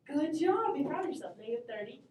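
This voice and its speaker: A woman's voice: high voice, very animated, fast, darkish tone, slight background noise. A woman math teacher teaching her class, upbeat and encouraging, calling on students by name. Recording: echoey classroom from far off.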